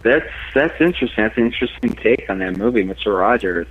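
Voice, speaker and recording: A man's voice: fairly low pitch, animated, fast. A laid-back American man co-hosting a podcast, chatting casually and agreeably. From United States. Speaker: podcast co-host. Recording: tinny phone-like line.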